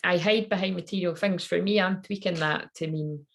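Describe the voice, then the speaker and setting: A woman's voice: on the low side, moderate pace, gravelly. A woman in her thirties, a tarot reader, telling a candid personal story in a rambling, swearing way.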